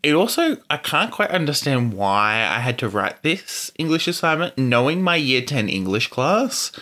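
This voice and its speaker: A man's voice: mid-range voice, sing-song, normal speed, pushed and bright. A man chatting casually as a podcast guest, rambling and full of fillers. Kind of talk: casual chat.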